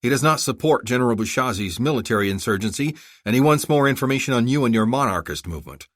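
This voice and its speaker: A man voicing a blunt male special-forces master sergeant who speaks flatly and dutifully. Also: mid-range voice, quick pace, no room sound, studio quality, pitched above the performer's own voice, natural voice. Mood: firm. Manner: flat and dutiful.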